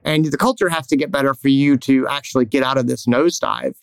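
A man's voice: mid-range voice, fast, gravelly, clear, resonant tone, no room sound. Candid male podcast host, dry mic. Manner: candid, rambling, lively storytelling with acted quotes. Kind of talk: casual podcast chat.

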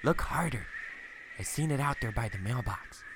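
A man's voice: medium pitch, animated, normal speed, noisy background, pitched above the performer's own voice, lightly acted. A man voicing his exasperated, impatient middle-aged wife in a spoken story. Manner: nagging, impatient.

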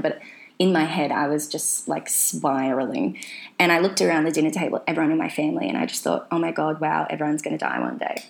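A woman's voice: sits low, creaky. A young woman telling a personal story casually, rambling with lots of fillers and restarts. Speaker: vlogger sharing her mental health story.

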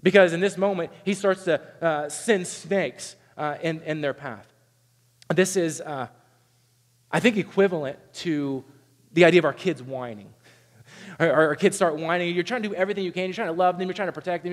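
A man with a high voice delivers an animated sermon, now and then acting out the people he quotes. His voice carries a long reverb, as if it were recorded in a large church hall. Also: fairly quick. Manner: animated preaching, acts out quoted complaints in a raised voice. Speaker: pastor.

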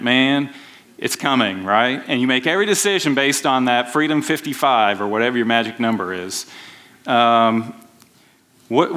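A man's voice: mid-range voice, fairly bright tone. A man preaching a sermon in a conversational way, often restarting his sentences. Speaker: pastor.

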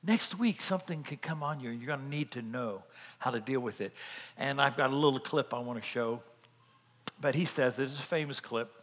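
A man preaching a sermon as pastor, earnest, swinging between loud emphatic lines and quiet asides. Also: mid-range voice, brisk, big-room sound.

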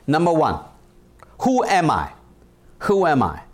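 A man in his sixties from India, with an Indian accent, giving a motivational leadership talk in an emphatic way, repeating key phrases and slowing down for the punch lines. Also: a little high, huge pitch swings. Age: 60s. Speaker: leadership speaker.

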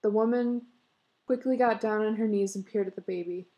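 A woman reading a story aloud in a measured, expressive way. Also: mid-range voice. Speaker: reader.

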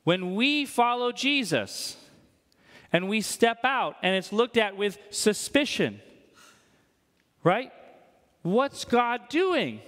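This is a pastor delivering a sermon in a high, light voice. He keeps it conversational and jokey, and often tosses in "right?" to the congregation. His voice rings out with a long hall echo from the church around him. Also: animated, slow, pauses often, fairly bright tone.

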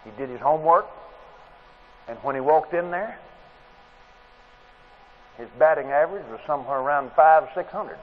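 A man's voice: a little high, normal speed, long pauses. A man preaching a sermon at a convention, a folksy, plain-spoken storyteller. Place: convention hall. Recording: tinny lo-fi tape with faint hiss.

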